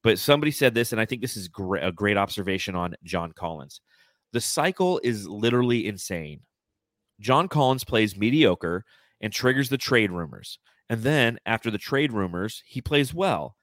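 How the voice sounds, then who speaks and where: Lowish guy hosting a sports podcast, chatty, laughs a lot, dry mic. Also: lively intonation, moderate pace, fairly bright tone, dry recording. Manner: reads fan comments aloud, laughing often. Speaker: podcast host. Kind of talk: casual sports podcast chat.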